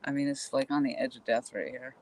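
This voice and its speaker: A woman's voice: rumbling low, fairly even intonation, a little fast, a little mellow. Chatty woman live streaming from a kayak. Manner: chatty, talks straight to viewers. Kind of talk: casual live-stream chat. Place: outdoors on a lake, in a kayak. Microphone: handheld phone camera.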